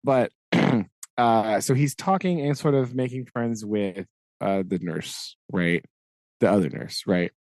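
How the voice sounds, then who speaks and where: A man co-hosting a podcast, casually retelling book chapters with lots of fillers and quick acted-out quotes. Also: fairly low pitch, darkish tone, no room sound, clean studio sound. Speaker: podcast co-host.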